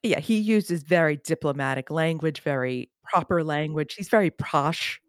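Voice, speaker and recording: A woman's voice: sits low, normal speed, no room sound, clean studio sound. A woman co-hosting a casual sports chat show, giving sarcastic, opinionated commentary. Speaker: podcast co-host. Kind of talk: casual chat about Olympic news.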